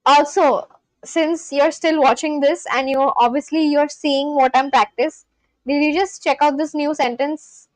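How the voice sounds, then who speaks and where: On a relaxed live stream, a high-pitched woman from Kolkata in West Bengal, India, says phrases and then translates them as she learns a language. Her intonation stays fairly even and her pace a little slow, in a dry recording of poor quality.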